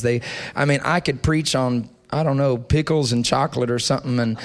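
A young adult man preaching a sermon in a church, leading the congregation in call and response and building to loud prayer. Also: medium pitch, fairly even intonation, fairly quick. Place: church sanctuary.

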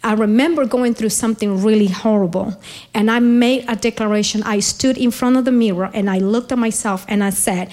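A woman's voice: on the high side, steady tone, a little fast, darkish tone. A woman preaching a sermon in an earnest, repetitive style that builds in emphasis.

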